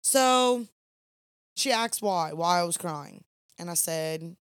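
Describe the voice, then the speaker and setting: A woman's voice: lowish voice, expressive, takes it slowly, long pauses, clean tone, no echo, clean studio sound. Chatty woman telling a story. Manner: chatty, rambling, Southern "y'all" phrasing. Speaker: podcast co-host. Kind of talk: late-night casual storytelling.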